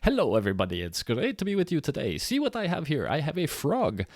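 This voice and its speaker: A man's voice: fairly high pitch, huge pitch swings, fast talker, no room sound, clean studio sound, pitched above the performer's own voice, exaggerated voice. A man voicing a showy eighteenth-century male scientist with an attempted Italian accent, presenting to an audience. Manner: theatrical, showing off to an audience.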